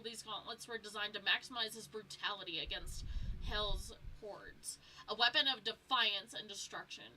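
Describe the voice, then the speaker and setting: A woman's voice: medium pitch, bright, forceful tone, slight background noise, poor audio. A young woman streaming a game, chatting casually with viewers and reading lore aloud, stumbling over words as she goes.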